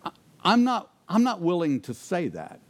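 A man preaches a sermon in a fairly high voice. He asks the congregation rhetorical questions and sinks to a hushed, intense tone to drive points home. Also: wildly swooping pitch, moderate pace. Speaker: pastor.

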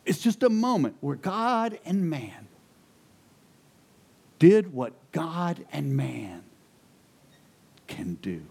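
A man's voice: a little high, drawn-out words, creaky, pauses often, husky. A man preaching to a congregation, telling a personal story and then building to emphatic questions. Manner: animated, rising to emphatic peaks. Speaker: pastor. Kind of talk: sermon storytelling.

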